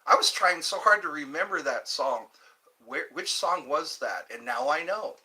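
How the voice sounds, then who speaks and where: A man's voice: fairly high pitch, expressive, normal speed, pushed and bright. A middle-aged man from Georgia hosting a casual livestream, reminiscing in a rambling way and answering viewers in the chat. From Georgia, US Deep South. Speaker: livestream host.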